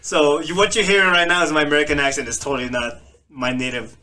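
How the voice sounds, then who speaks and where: Bright-voiced man with a slight Filipino accent. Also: on the high side, fast. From Philippines. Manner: laughs often, animated storytelling. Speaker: podcast co-host. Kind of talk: casual podcast chat.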